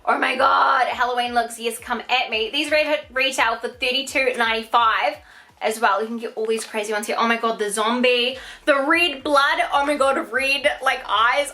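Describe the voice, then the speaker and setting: A young woman, gushing excitedly as she unboxes products for her vlog. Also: fairly high pitch, moderate pace. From New Zealand. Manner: gushing, excitable, swears casually. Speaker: beauty vlogger.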